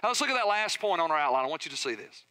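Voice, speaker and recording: A middle-aged pastor preaching with lively storytelling, his voice high for a man and very bright and ringing. He sounds crisp and clean, close and dry with no room around him, and he keeps turning to the congregation with questions. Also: racing, dry recording. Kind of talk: sermon.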